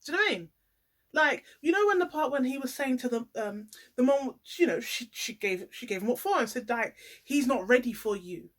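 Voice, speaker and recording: A woman giving a casual, animated vlog commentary, playing up the drama and talking straight to her viewers. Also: sits high, fairly quick. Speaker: YouTuber reviewing a reality show.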